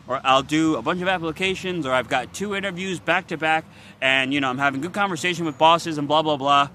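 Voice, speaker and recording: Weary, swearing man with a lively high voice. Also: a little hiss or hum. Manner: frustrated, swearing, venting bluntly. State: weary and worn out. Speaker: vlogger. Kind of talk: confessional vlog rant.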